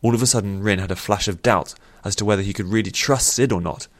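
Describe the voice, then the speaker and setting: A man narrating a fantasy story in a steady, measured way. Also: on the low side, no room sound.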